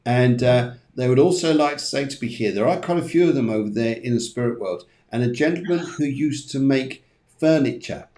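A man hosts a live spiritual reading show, passing on messages in a chatty, reassuring manner. His voice sits at a middle pitch. The room around him is roomy and echoey. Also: mellow. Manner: chatty, reassuring, gives readings in quick runs. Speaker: psychic medium host.

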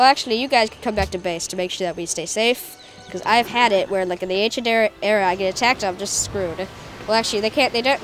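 A woman hosting a gameplay video with casual commentary, excitable and jokey, talking to her game units. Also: medium pitch, a little hiss or hum. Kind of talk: casual let's-play commentary.

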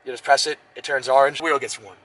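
A man's voice: medium pitch, fairly even intonation, fast, fairly bright tone, low-quality recording. A young man giving a casual, enthusiastic tour of his car from inside it, rambling and addressing viewers as "guys". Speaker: vlogger.

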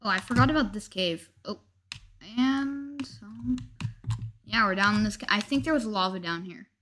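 A woman's voice: medium pitch, normal speed, fairly bright tone, a little hiss or hum. A woman chatting casually as she narrates her gameplay, commenting on every move and joking about herself. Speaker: gameplay video host.

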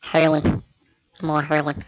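A man's voice: a little high, completely flat delivery, takes it slowly, no room sound. A man with a Dublin Irish accent rambles through casual gameplay commentary into a small desktop microphone, cracking crude, self-mocking jokes. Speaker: gamer.

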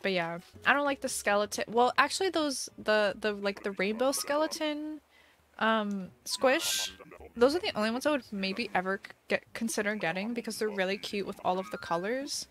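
A woman's voice: mid-range voice, moderate pace. A young woman streamer in casual chat, giggly and talkative, reading out viewer messages. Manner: chatty, giggly, reads viewer messages aloud. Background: soft music.

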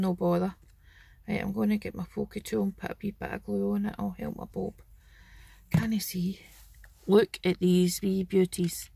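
A middle-aged Scottish woman talks through a craft haul in a chatty, homely way. Her voice has a gravelly edge and a husky, breathy grain. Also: medium pitch, steady tone, moderate pace, a little mellow. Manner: chatty and homely, fond of 'wee'. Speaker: craft channel host. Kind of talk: casual show-and-tell haul video.

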